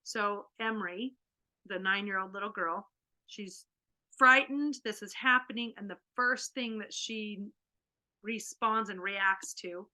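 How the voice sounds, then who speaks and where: Bright-voiced woman telling a story. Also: medium pitch, measured pace. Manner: animated, acts out a child's panic. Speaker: workshop host. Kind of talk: storytelling to an online group. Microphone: video call.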